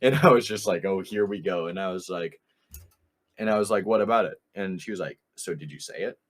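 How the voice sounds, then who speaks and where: A young man with a low voice and a brisk pace co-hosts a podcast, laughing often as he rambles through an anecdote in casual chat. He quotes other people with "I was like."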